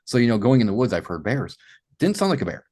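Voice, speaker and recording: A man from Massachusetts, a podcast guest, telling his story in an animated way with many "you know" fillers. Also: medium pitch, fast. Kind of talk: storytelling in an interview.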